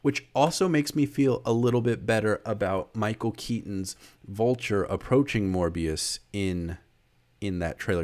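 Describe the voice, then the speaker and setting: A man's voice: lowish voice, measured pace, darkish tone. A man co-hosting a casual podcast chat, swearing freely and ranting about films. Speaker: podcast co-host.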